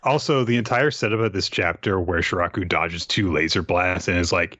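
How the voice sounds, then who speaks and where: A man's voice: low-pitched, normal speed, hardly any pauses, sharp tone, no room sound. A man co-hosting a casual manga review chat, dryly summarizing chapters and mocking the characters. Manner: dry, summarizing plot, mocking voices in quotes. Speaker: podcast co-host. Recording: dull dry lo-fi mic.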